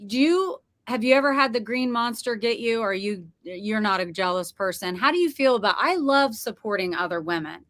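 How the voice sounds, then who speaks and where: A middle-aged woman hosting a podcast interview, gushing and excitable in casual chat. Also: a little high, brisk, hardly any pauses. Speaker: podcast host.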